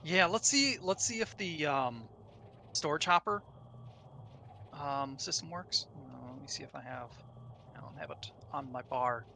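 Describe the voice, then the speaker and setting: A man's voice: on the high side, measured pace, gravelly, bright, forceful tone, slight background noise. A man co-playing a multiplayer game, chatting casually and hesitantly with many ums. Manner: hesitant, lots of ums and uhs. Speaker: co-player. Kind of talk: casual multiplayer gameplay chat.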